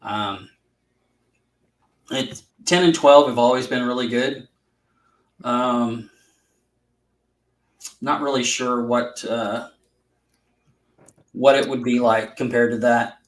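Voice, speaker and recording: A man's voice: mid-range voice, steady tone, takes it slowly, pauses often. A man co-hosting a live chat, telling stories with laughs and teasing friends. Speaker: co-host. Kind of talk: casual chat. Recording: echoey room.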